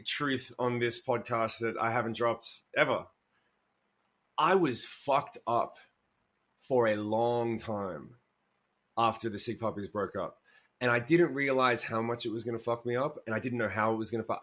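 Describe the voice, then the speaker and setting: A man's voice: mid-range voice, a bit bright. A man being interviewed as a musician guest, talking candidly, swearing freely and acting out quoted asides as he tells stories.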